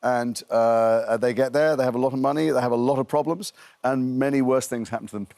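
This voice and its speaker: Fast-talking, self-mocking middle-aged man. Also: medium pitch, steady tone, dark tone, no room sound. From Liverpool, England. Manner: chatty, anecdotal, self-mocking. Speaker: actor guest. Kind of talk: breakfast TV interview.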